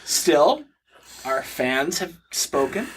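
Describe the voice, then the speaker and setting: A man's voice: on the high side, big pitch swings, drawn-out words, noisy background. A man co-hosting a podcast in casual chat, dry and laid-back, matter-of-fact. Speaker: podcast co-host.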